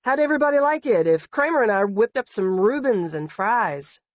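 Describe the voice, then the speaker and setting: A blunt, exasperated young woman, voiced high by a man reading her lines. Her delivery is sarcastic and husky. The sound is dry and a little dull. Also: brisk, dry recording. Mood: rallying.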